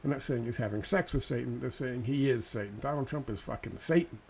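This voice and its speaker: A man's voice: medium pitch, brisk, vocal fry, a little mellow, slight background noise. A man ranting sarcastically and profanely in a political video commentary.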